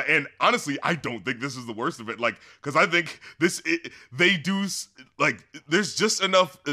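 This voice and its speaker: A young man co-hosting a casual album review podcast, talking in an animated way, laughing often and acting out lyrics in exaggerated voices. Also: mid-range voice.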